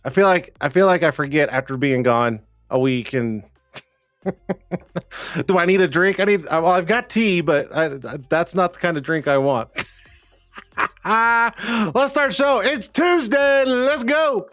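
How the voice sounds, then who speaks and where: A man's voice: a little high, animated, unhurried, long pauses, no echo. Joking, swearing livestream host man. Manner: loose, joking, swears and laughs often. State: slightly strained voice. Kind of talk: casual livestream chat.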